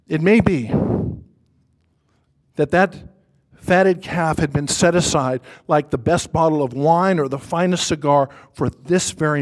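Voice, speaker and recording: A man preaching a sermon to a congregation in church, emphatic and repetitive, swinging from loud stress to hushed quiet. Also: fairly high pitch.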